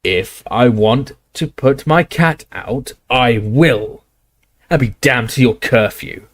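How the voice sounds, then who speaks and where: A man voicing a gruff, belligerent old barman who bellows and scoffs. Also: mid-range voice, slow pace. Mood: defiant, roaring. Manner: bellowing, scornful, defiant.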